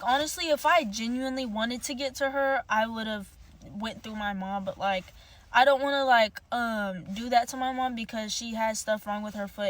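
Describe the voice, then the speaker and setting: A young woman telling a storytime monologue, heated, profane and rambling. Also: on the high side.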